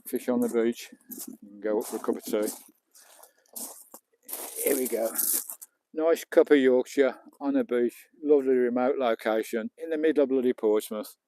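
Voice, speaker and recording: Chatty Englishman with a mellow voice. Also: medium pitch, normal speed, pauses often, slight background noise. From England. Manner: chatty, swears casually, talks to viewers as he works. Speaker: vlogger. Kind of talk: casual live-stream chat. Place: outdoors on a beach and in his camper van. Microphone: small clip-on mic, distance varying.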